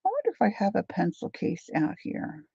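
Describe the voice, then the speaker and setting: A woman's voice: medium pitch, huge pitch swings, fairly quick, creaky, dark tone, slightly rough, no room sound. A middle-aged woman chatting casually with viewers while she paints, greeting them by name and laughing often. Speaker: artist livestreaming her painting. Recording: slightly dull lo-fi sound.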